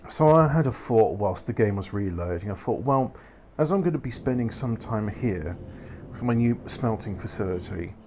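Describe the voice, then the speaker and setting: With slight background noise behind him, a man with a fairly low, somewhat mellow voice gives animated let's-play commentary on a factory-building game at normal speed with few pauses. His talk is casual and rambling, full of self-corrections and wry remarks.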